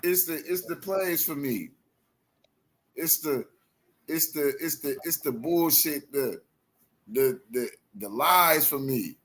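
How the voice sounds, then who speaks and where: A man's voice: fairly high pitch, takes it slowly, a bit bright. A man hosting a live online show, ranting in heated casual commentary, profane and repetitive.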